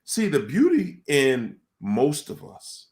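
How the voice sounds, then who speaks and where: A man giving a casual motivational talk to a room, telling stories in colloquial, animated speech. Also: medium pitch, takes it slowly.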